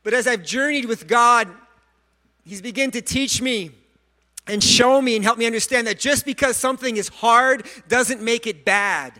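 A male pastor delivering a sermon in a high, bright, ringing voice. He speaks earnestly and with animation, often stumbling over repeated words. He drops in self-mocking jokes along the way. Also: normal speed. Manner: self-deprecating humor.

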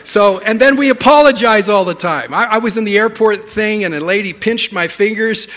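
A man's voice: high voice, moderate pace, big-room sound, slight background noise. A middle-aged Canadian man preaching a sermon in a church, telling funny stories. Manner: humorous storytelling, lively. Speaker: pastor.

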